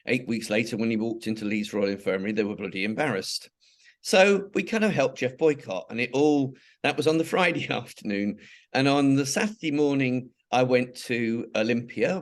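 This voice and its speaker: Older English man, chatty interview guest who wanders through anecdotes, mid-pitched voice. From England. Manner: rambling, many restarts and asides. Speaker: interviewee, charity founder. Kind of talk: conversational interview storytelling.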